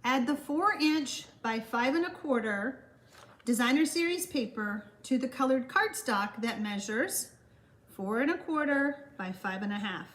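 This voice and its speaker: An older woman with a Texan accent leads a live-streamed card-making class and chats easily between the steps. Her voice sits a little high for a woman. She reads out viewers' comments and answers each one directly. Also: lively intonation, unhurried. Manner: chatty, reads viewer comments aloud and answers them warmly.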